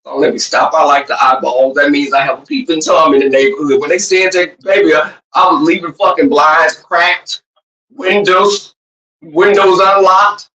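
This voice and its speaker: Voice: medium pitch, steady tone, normal speed. Profane, teasing livestream host in a roomy space. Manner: loud, profane and teasing, with sudden shouts and laughs. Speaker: livestream host reading chat. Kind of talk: casual livestream chat. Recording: roomy, distant, dull lo-fi sound.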